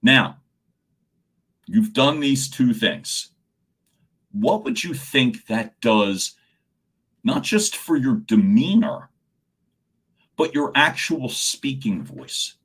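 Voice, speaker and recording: Male coach on a livestream: an animated, rambling talker who calls out viewers by name and trips over repeated words. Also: medium pitch, very slow, long pauses, breathy edge. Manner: animated, answers viewers' chat comments by name; stumbles and repeats words when excited. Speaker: communication coach.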